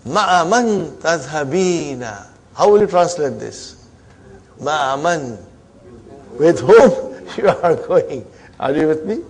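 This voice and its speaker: In a high voice with a dark tone, a male teacher runs an Arabic grammar lesson in English. He fires repeated questions and rapid prompts at the students, weaving in Arabic and Islamic expressions.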